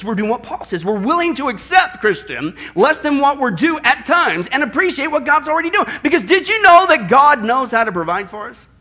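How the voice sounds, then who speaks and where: A male pastor preaching in church with an animated, playful delivery, throwing rhetorical questions at the congregation. His voice sits high and sounds bright, and it swoops widely as he preaches. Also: breathy edge. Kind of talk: sermon.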